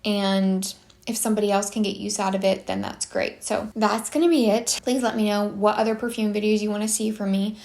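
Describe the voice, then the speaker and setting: A woman's voice: medium pitch, brisk, darkish tone. A young woman hosting a casual perfume vlog, chatty and rambling with many restarts, a little out of breath. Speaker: perfume channel host.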